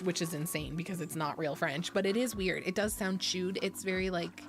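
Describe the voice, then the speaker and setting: A woman's voice: fairly low pitch, fairly even intonation, normal speed. A young woman from Ontario, chatting casually with her stream audience. She is blunt, laughs often and swears freely. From Ontario, Canada. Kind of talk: casual chat.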